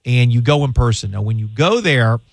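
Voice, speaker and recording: A man's voice: medium pitch, expressive, fairly quick, vocal fry, no echo. A middle-aged man hosting a radio call-in show, giving advice in a rambling way with many fillers and repeated words. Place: radio studio. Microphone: studio mic.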